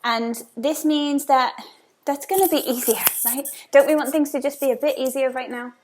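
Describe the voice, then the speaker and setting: A woman's voice: high voice, steady tone, moderate pace, darkish tone, slight background noise. A woman in her thirties talking casually to camera about parenting, earnest and repeating key phrases for emphasis. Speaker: parenting vlogger.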